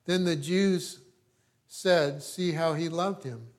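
A man preaching, reading scripture aloud with emphasis and breaking off into quiet, conversational asides. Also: a little high, slow.

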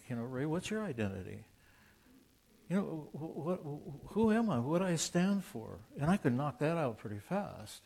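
A man's voice: medium pitch, darkish tone. An older man in his seventies talks about faith in a loose, conversational preaching style. He is earnest and plainspoken, restarts his sentences, and drifts into asides and acted-out exchanges. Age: 70s. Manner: earnest and plainspoken, acts out quoted dialogue. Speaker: Christian author and speaker. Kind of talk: informal preaching talk.

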